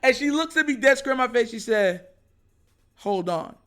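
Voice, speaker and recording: A man hosting his own podcast, telling a story casually and acting out excited moments. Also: extremely high pitch, fast, very noisy. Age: adult. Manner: animated, retells others' lines with raised excited voice. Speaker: podcast host.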